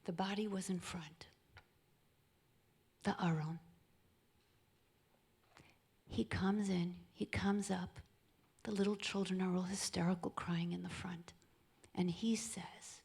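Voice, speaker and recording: A woman giving an inspirational talk on marriage, often dropping into a soft, intimate near-whisper. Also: fairly low pitch, fairly even intonation, unhurried, vocal fry, long pauses, husky. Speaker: speaker at a charity event.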